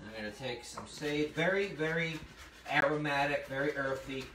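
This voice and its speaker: Chatty cook explaining from across an echoey kitchen. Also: male voice, a little high, moderate pace, a bit bright, a little hiss or hum. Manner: chatty, explains steps as he cooks. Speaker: cooking instructor. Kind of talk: live cooking demonstration. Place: hot kitchen. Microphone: phone streaming to a remote audience. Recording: echoey room, voice from a distance.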